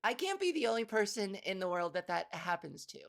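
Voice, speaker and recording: A woman's voice: mid-range voice, very animated, a little fast, creaky. A woman podcast host and comedian doing a rambling, profane solo monologue. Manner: rambling, profane, self-interrupting.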